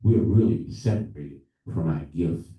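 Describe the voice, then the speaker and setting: Earnest, low-voiced man addressing a congregation, heard from a distance. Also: crowd noise. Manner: earnest, with halting pauses and restarts. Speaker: elder leading a libation. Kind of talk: preaching-style address. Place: church hall during a live service. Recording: echoey room from far off.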